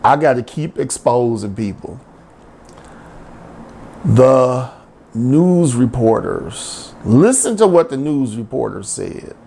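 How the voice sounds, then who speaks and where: A man hosting a satirical news rant show, telling a story in an animated, drawling, exclamatory way. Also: mid-range voice, takes it slowly, vocal fry, slight background noise. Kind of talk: comic rant.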